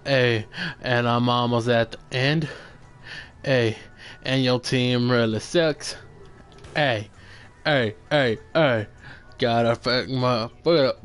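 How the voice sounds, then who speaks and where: A young man giving loud, excitable commentary while playing a video game, swearing and trash-talking his teammates. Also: mid-range voice. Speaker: gamer streaming gameplay. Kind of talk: casual gameplay commentary.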